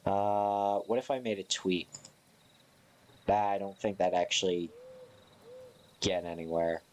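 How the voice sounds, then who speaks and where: A man's voice: sits low, steady tone, slow. Sleepy, yawning male streamer. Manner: sleepy, yawning, giggly, chatting to viewers. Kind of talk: casual live-stream chat.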